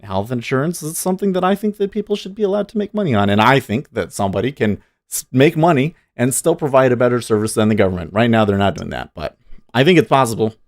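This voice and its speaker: A man's voice: mid-range voice, lively intonation, fast, no room sound, studio quality. A man hosting a day-trading livestream, giving rambling, opinionated commentary and answering chat. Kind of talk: casual live-stream commentary.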